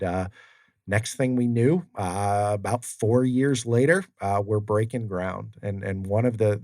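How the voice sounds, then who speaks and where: A low-voiced man in a casual studio interview, telling stories with lots of "you know" fillers and acting out quoted exchanges. The sound is dry and close, with almost no room around the voice. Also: a little mellow, dry recording. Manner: storytelling, acts out quoted exchanges, many fillers. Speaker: guest, tribal community development official. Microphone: studio mic.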